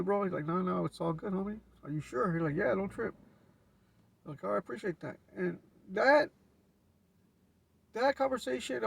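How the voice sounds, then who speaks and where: Casting: LA man, gravelly and raspy, laid-back storyteller heard from off-mic. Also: high voice, distant mic. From Los Angeles. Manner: laid-back street slang with frequent restarts. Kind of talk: casual storytelling.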